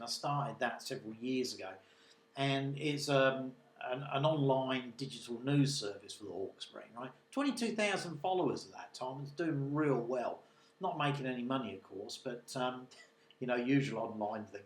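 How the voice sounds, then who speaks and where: A man's voice: medium pitch, moderate pace, reverberant. A man and local news journalist telling a casual, rambling story that wanders off into asides. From Britain. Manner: rambling, digressive, chatty.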